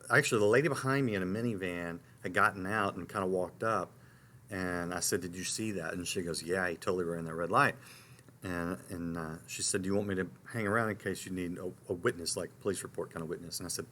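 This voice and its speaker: Middle-aged male talk host, tells stories animatedly, slightly low voice. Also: a little fast, slight background noise. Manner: animated storyteller, frequent restarts and asides. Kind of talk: storytelling on a live talk show.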